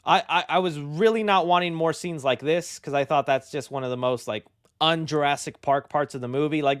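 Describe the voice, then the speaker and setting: Excitable high-voiced man hosting movie news. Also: dry recording, studio quality. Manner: excitable, slangy, rambling. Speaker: host of a movie news show. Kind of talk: casual movie news commentary.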